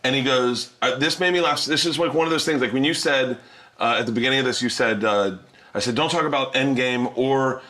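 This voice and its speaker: A man hosting a podcast in a kitchen, telling stories loudly, laughing and swearing a lot. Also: medium pitch, brisk. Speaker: podcast host. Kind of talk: casual chat.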